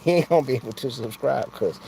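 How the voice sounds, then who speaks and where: A man's voice: medium pitch, quick pace, gravelly, noisy background. A man hosting a casual live stream from outside his home, talking into a phone in a rambling, slangy way and laughing often. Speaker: livestream host.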